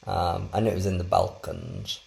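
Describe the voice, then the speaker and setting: A man's voice: deep voice, sing-song, normal speed, creaky, a little mellow. A man co-hosting a podcast, rambling and poking fun at himself in a casual travel chat. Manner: rambling, self-deprecating. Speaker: podcast co-host.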